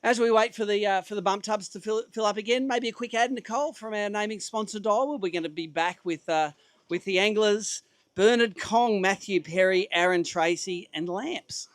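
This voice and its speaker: A chatty Australian man runs a fishing weigh-in on an outdoor stage. His voice sits noticeably high. The sound is dry, with little room around it. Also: moderate pace, no room sound. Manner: chatty, upbeat, says mate constantly. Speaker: tournament weigh-in host. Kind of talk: live emcee banter and interviews.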